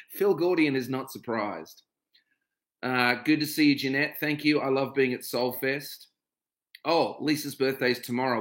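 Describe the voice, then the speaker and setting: A man's voice: mid-range voice, a bit bright. A middle-aged man with an Australian accent hosting a casual livestream, greeting viewers by name and talking openly about his own experiences. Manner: chatty, greets viewers by name, turns to a reflective personal talk. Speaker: livestream host. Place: home.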